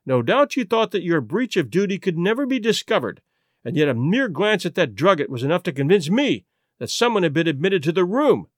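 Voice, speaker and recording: A man's voice: sits high, big pitch swings, brisk, no echo, studio quality. A man reading a story aloud and voicing a brash, self-satisfied police inspector who lectures and boasts. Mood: smug. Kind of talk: audiobook reading.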